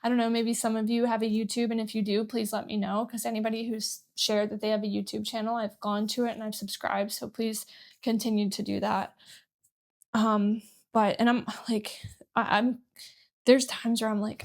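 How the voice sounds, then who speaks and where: Woman, candid vlogger, emotional and rambling, steady gravelly delivery. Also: fairly high pitch, normal speed. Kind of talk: personal talk to camera.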